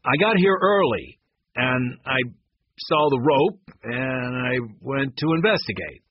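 A man's voice: medium pitch, very animated, a little slow, slightly rough, dry recording, muffled recording, full character voice. A man voicing a scheming male publicist who argues defensively and pleads.

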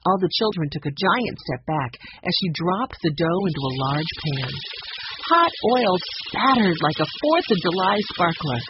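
An audiobook narrator reading a children's storybook aloud at a steady, even pace. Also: medium pitch, background noise. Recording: dull lo-fi recording.

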